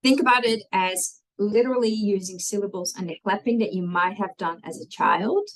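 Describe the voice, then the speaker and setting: A woman's voice: medium pitch, normal speed, rough recording. A woman, teaching a language lesson and patiently walking through spelling rules step by step, often checking in with "okay?".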